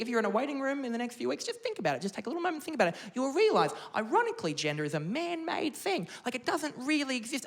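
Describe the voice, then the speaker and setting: A man in his thirties with an Australian accent performing a stand-up comedy set on a theatre stage, animated and camp. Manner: animated, camp, swoops into high put-on voices. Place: theatre stage before a live audience.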